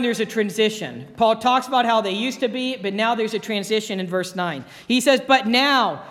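A man's voice: high voice, a bit bright, big-room sound. A man preaching a sermon as pastor, earnest and repeating key phrases for emphasis.

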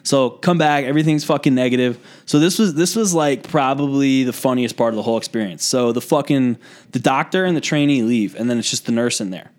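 A man's voice: mid-range voice, fairly quick. A man in his twenties telling a story on a podcast, casual and profane, with lots of "like" and restarts. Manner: profane, rambling, full of "like". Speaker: podcast co-host. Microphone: podcast microphone.

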